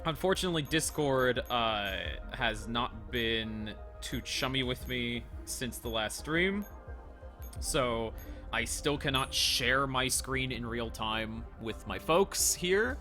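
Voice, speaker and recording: A man streaming a game and chatting with friends in a loose, excitable way. His voice is bright and tense, and it swings widely up and down in pitch. He swears freely and laughs easily. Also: slow pace, faint music behind. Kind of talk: casual game livestream chat.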